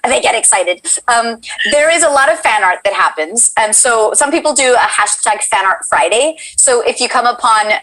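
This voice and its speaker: A woman's voice: fairly high pitch, animated, moderate pace, fairly bright tone, poor audio. A woman hosting a casual livestream chat, gushing and bubbly as she reads the chat aloud. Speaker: host.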